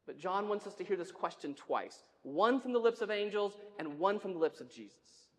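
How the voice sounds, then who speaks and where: Here a male pastor with a voice that sits high speaks at normal speed with hardly any pauses, sounding animated. He chats his way through a sermon in the sanctuary, quizzing the congregation and adding wry asides, while long church reverb fills the recording.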